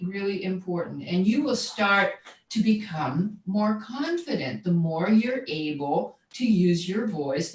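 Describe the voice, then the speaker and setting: A woman's voice: medium pitch, darkish tone. A woman who is a voice coach and jazz singer, explaining her methods in a conversational interview, often checking in with "right?" and repeating words as she searches for them. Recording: roomy echo, distant from mic.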